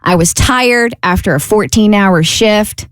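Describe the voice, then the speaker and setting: A woman's voice: medium pitch, a little slow, dry recording, clean studio sound. A woman co-hosting a radio talk show, reading out listener stories in casual chat and laughing often. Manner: animated storyteller, laughs often.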